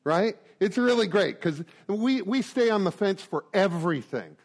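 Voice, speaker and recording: Animated, high-voiced joking older man. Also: moderate pace. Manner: joking, animated, constant rhetorical asides. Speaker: recovery meeting speaker. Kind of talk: live talk to a group.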